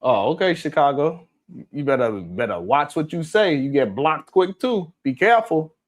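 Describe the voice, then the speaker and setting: A man's voice: a little high, expressive, moderate pace. Blunt, heated man hosting a live stream. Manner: blunt, heated and profane, scolding chatters. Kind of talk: casual live-stream talk reading chat.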